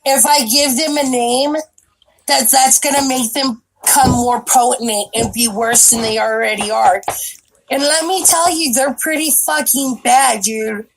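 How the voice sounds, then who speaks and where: A woman's voice: high voice, fairly even intonation, measured pace, a little hiss or hum, poor audio. A woman guest talking bluntly in casual chat, swearing freely.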